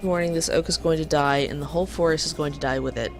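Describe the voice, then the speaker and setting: A woman voicing a calm ominous forest spirit. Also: low-pitched, fast talker, over music. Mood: grave.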